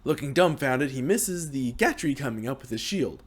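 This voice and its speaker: A young man casually narrating the story of a video game, with restarts and a lively manner. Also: mid-range voice, normal speed, husky. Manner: lively, hesitant retelling with restarts.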